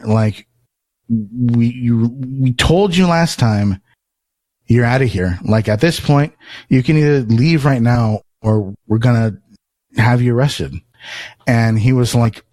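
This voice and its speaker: A man's voice: mid-range voice, slow, dry recording. A man telling a long story on a podcast in casual, profane talk, acting out what people said. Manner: animated, acts out quotes, swears often.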